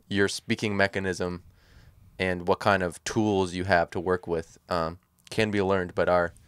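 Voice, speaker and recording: Low smooth guy co-hosting a podcast, rambly, lots of ums, dry close mic. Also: no echo. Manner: rambling, thinks aloud with fillers. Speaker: podcast co-host. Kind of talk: casual chat.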